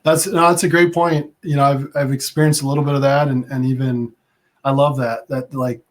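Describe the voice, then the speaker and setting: A man's voice: medium pitch, flat delivery, fairly quick. A man hosting a podcast in casual chat, telling stories and often restarting his sentences. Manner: chatty, storytelling, stammering restarts. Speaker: podcast host.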